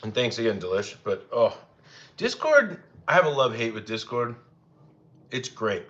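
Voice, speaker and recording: A chatty young man on a cooking livestream talks casually with viewers at normal speed, his voice a bit bright, easygoing, and rambling. He addresses his dogs in a higher voice. The recording has slightly dull lo-fi sound.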